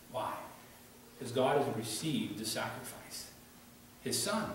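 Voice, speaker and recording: A male pastor preaching a sermon, rising to loud exhortation and dropping to quiet pleading. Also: mid-range voice, animated, unhurried. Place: church sanctuary. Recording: roomy church sound from a distance, faint hiss.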